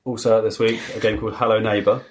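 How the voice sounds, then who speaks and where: A man co-hosting a casual gaming podcast, reading out the game news from his notes in an unhurried way. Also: on the low side, flat delivery.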